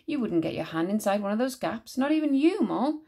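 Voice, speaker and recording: A woman voicing a timid, nervous young boy in a storybook reading, speaking softly and fretfully. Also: mid-range voice, very animated, brisk.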